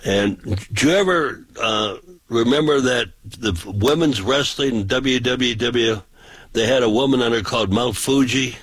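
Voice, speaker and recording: A man's voice: medium pitch, measured pace, fairly bright tone, slightly rough, no echo, low-quality recording. A man, a pastor, telling folksy, rambling anecdotes in casual talk-show style.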